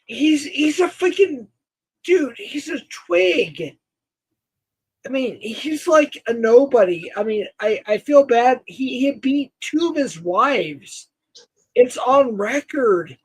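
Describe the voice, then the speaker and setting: A man talking as a guest on a casual livestream, halting, with many restarts. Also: very high voice, lively intonation, breathy edge, low-quality recording. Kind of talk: casual live-stream chat.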